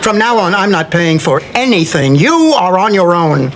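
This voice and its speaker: An actress playing a middle-aged, sardonic daughter in a sitcom, with a low, husky, deadpan delivery. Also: female voice, moderate pace, a crowd in the background. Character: sardonic grown daughter, exasperated, quick-tongued. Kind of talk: sitcom acting. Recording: noisy TV audio with studio audience laughter.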